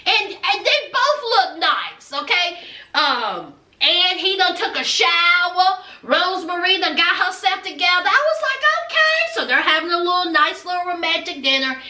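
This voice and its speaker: A woman with a very high, bright voice dishes on a reality show in an animated, sassy way. Her pitch leaps all over the place. She sounds a little away from the mic in an echoey room. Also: moderate pace, far from the mic. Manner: animated, sassy, laughs often, calls viewers honey. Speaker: reality TV recap vlogger. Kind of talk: casual gossipy commentary.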